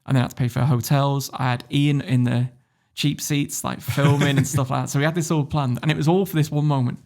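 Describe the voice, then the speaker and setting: A man with a British English accent, a podcast guest telling a story in a blunt, sweary and animated way. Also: mid-range voice, a little fast. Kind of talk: casual storytelling.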